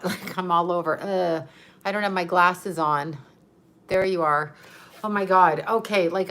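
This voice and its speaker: A woman's voice: fairly low pitch, unhurried, bright, forceful tone. Woman, live-stream host, casual chat, giggly, rambling, talks into a phone.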